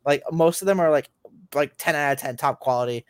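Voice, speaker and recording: Podcast co-host, male, a bit high-voiced, rambly and full of fillers, dry close mic. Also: brisk, smooth, no room sound. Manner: rambling, many fillers and restarts. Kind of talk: casual chat about games and anime.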